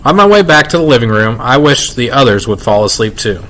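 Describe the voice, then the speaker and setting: Man, reading aloud, children's novel, expressive storytelling, middle pitch. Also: fairly quick, low-quality recording. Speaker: reader.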